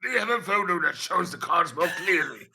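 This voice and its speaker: An earnest young defense attorney who questions politely, voiced by a man. His voice is high and very bright, with a gravelly edge. This is a game playthrough. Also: animated, fairly quick, full character voice.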